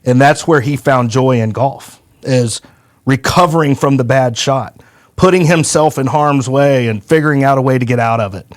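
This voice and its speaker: A man's voice: mid-range voice, normal speed. Folksy man telling stories. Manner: folksy, animated, acts out quoted voices. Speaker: podcast host. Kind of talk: casual storytelling chat.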